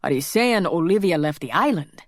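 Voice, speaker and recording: A woman's voice: on the low side, lively intonation, normal speed, no room sound, clean studio sound, close to an everyday voice. Woman voicing a curt Scottish vampire man. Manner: curt, clipped retorts. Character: brooding Scottish male vampire, quick-tempered.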